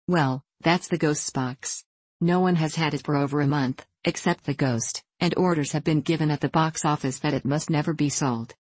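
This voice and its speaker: A superstitious young ballet girl whispers a frightening secret in an anxious, hushed way, as a woman reads her lines aloud. The voice sits low, and the recording is close and dry with no room around it. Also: normal speed, slightly rough, no room sound. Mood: hushed, fearful.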